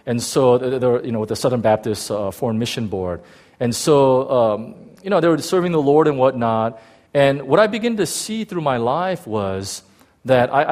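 Man preaching, middle-aged, lively up-and-down pitch, stammered restarts, acts out quotes. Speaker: pastor. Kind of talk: sermon storytelling.

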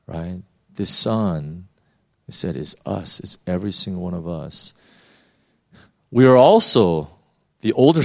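A man delivering a sermon with a somewhat low voice. He preaches in an animated, informal way, often restarting sentences and using many fillers. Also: no echo, studio quality. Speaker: pastor.

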